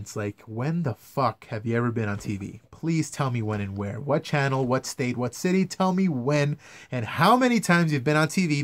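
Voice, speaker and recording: Young man, mid-pitch, dry close mic, casual profane vlog rant. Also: dry recording. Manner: profane, exasperated ranting. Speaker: vlogger, news camera operator.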